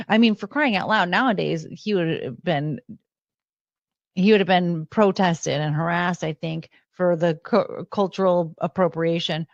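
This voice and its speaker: A woman's voice: lowish voice, lively intonation, a little slow, dry recording, highs cut off. A woman hosting her own podcast, chatting loosely on her own and now and then scatting beats or cooing at her dogs. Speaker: podcast host. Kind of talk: casual solo chat.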